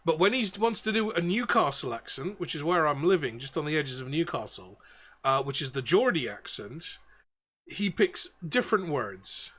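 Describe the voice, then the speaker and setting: A male game master steps out of the story to chat, explaining at length in a loose, rambling way. His voice is bright and forceful and sits a bit high for a man. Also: very animated, normal speed, breathy edge.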